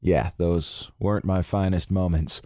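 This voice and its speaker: Guy reading a polite young pilot hero, earnest, deep and low. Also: steady tone, unhurried, mellow, dry recording, studio quality.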